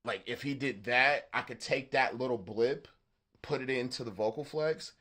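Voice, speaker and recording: Bright-voiced Southern man rambling. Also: medium pitch. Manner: rambling, halting, swears freely. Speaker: beatmaker livestream host. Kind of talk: casual live-stream chat.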